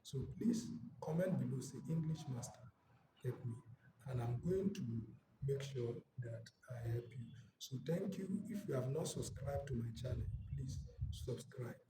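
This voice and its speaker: A man's voice: medium pitch, animated, moderate pace. A man teaching an exam-prep English lesson, posing questions and answering them himself while repeating key terms. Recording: roomy, distant mic, loud background noise.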